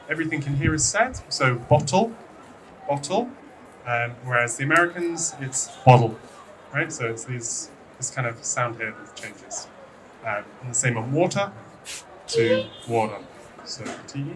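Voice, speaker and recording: A man's voice: medium pitch, distant mic, noisy background. Chatty British man teaching a class. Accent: British English. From Britain. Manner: chatty, hesitant with frequent ums, playfully teasing. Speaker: English teacher. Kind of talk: classroom lesson.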